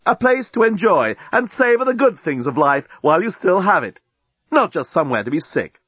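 Guy putting on a chirpy machine greeting, salesy ad patter, a bit husky, slightly muffled recording. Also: high voice, very animated, moderate pace, a bit bright, no room sound, pitched above the performer's own voice, exaggerated voice. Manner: glib advertising patter. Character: cheery automated welcome voice of a ship's medical center.

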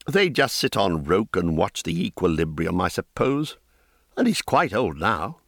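A man's voice: deep voice, big pitch swings, a little slow, no echo, clean studio sound, heavily acted. A man voicing a cocky, gossipy young male wizard student who talks in a chatty, offhand way.

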